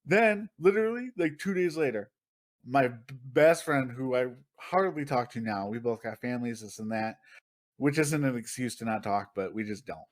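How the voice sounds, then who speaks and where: Animated, swearing storyteller man. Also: mid-range voice, normal speed. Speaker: podcast co-host. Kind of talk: casual chat.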